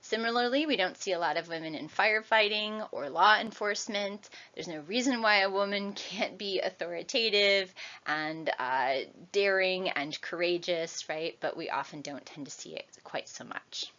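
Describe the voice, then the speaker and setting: A woman's voice: fairly low pitch, moderate pace, bright, forceful tone, muffled recording. A woman in her forties giving a recorded university lecture in a conversational way, often checking in with "right?". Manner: conversational, tags sentences with "right?".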